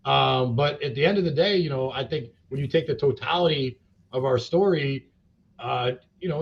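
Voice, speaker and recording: Blunt, profane man with gravelly voice. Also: mid-range voice. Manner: blunt, profane, rambling with many fillers. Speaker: cannabis company CEO, interview guest. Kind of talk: casual interview talk. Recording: dull lo-fi podcast audio.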